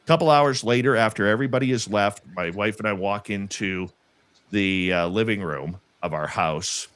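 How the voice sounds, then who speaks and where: Guy with a lowish voice telling a spooky personal story, earnest, stops and restarts a lot, dry close sound. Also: normal speed, a bit bright, clear, resonant tone, no room sound. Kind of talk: casual storytelling.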